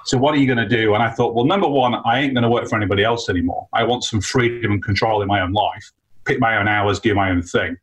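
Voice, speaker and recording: A man, an entrepreneur guest, telling an animated story about his career in a casual, chatty way with frequent fillers. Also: lowish voice, fast, rough recording. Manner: animated anecdote with many fillers.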